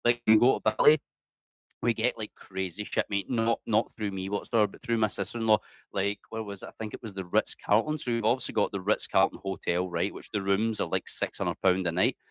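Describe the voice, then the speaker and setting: Chatty Scottish man, low dry voice. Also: fairly even intonation, fairly quick, no echo. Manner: chatty, swears freely, says "mate" a lot. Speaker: interview guest. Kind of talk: casual storytelling.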